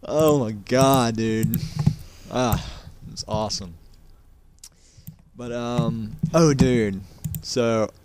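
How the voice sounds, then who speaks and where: A man's voice: medium pitch, drawn-out words, heavy background noise. A young man co-hosting a casual podcast, telling a school story in a rambling way, repeating words and laughing often. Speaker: podcast co-host. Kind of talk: casual chat.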